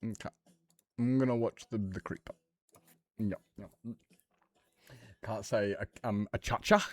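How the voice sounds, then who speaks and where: A man's voice: on the low side, fairly even intonation, unhurried, dark tone, no echo. A young Australian man chatting casually on a livestream, swearing freely and laughing often. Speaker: streamer.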